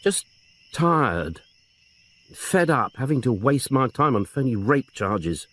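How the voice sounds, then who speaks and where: A man's voice: medium pitch, sing-song, slow, fairly bright tone, pitched above the performer's own voice, exaggerated voice. A man voicing a brusque middle-aged female detective sergeant who speaks curtly and snappishly. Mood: irritable. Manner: curt, snappish.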